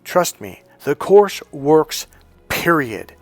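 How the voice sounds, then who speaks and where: A man's voice: fairly high pitch, big pitch swings, drawn-out words, no echo. Blunt, profane man in his fifties. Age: 50s. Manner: profane, blunt, emphatic storytelling. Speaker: dating coach. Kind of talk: motivational monologue.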